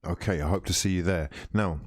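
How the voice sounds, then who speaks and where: A man with a lowish voice hosts a football watch-along stream, chatting loosely and teasing his viewers as he reads their comments. The sound is close and dry, with no room around it. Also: brisk, dry recording. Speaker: livestream host.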